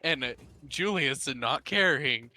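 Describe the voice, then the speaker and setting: A man runs a tabletop game, describing the action in halting bursts and restarting his sentences. His voice is very bright and sits at a middle pitch. Quiet music plays behind him. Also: animated. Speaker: game master.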